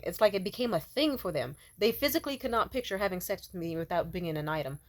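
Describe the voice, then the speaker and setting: A woman's voice: mid-range voice, lively intonation, fast talker, few pauses. A young woman vlogging to camera, telling a story casually in a brash, profane way, breaking into laughter often.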